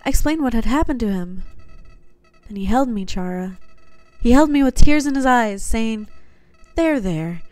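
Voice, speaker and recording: A woman's voice: a little high, animated, moderate pace, darkish tone, no echo, voice pushed up, lightly acted. A woman reading game dialogue aloud, putting on a voice for a sinister, soulless talking flower that is cold and manipulative. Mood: coldly confiding. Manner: reads game dialogue aloud in a put-on voice, slightly theatrical.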